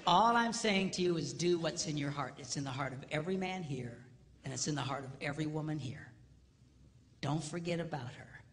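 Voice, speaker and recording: A man's voice: fairly high pitch, a little fast. Man preaching to a live hall. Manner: swings from hushed near-whispers to loud, laughing shouts; preacher-like exhortation. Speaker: marriage seminar speaker. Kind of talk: live comedic seminar talk. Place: large hall before a live audience. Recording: hall reverb with faint noise.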